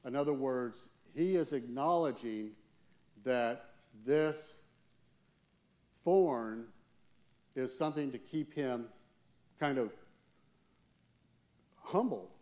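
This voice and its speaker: A man, a church elder, preaching a sermon with earnest, slow, emphatic pauses. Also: medium pitch, darkish tone.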